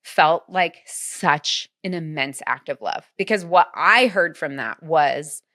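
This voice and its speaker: Her voice sits low with a fairly bright tone, and she takes her time. She's a podcast guest recounting something personal in conversation, sincere throughout and sprinkling "like" everywhere.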